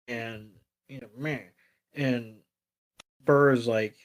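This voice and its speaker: A man's voice: medium pitch, drawn-out words, pauses often. A man co-hosting a podcast, retelling a cartoon episode with sarcasm and heavy swearing. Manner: profane, sarcastic retelling with mock voices. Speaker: podcast co-host. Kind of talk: casual episode recap.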